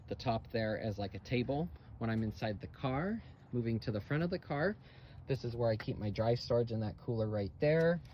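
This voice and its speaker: A man with a very dark, mellow voice walks through his car in a plain, matter-of-fact way. The sound is dull and lo-fi, from a phone inside a parked car. A faint hum of surroundings sits behind him. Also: medium pitch. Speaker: vlogger living in his car. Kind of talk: casual show-and-tell tour. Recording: dull lo-fi phone clip with faint ambient noise.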